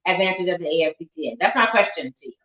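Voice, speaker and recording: A woman's voice: on the low side, expressive, rapid-fire, roomy sound, lo-fi sound. A woman interviewing a guest in a chatty, rambling way, laughing easily as she talks. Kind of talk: casual interview conversation.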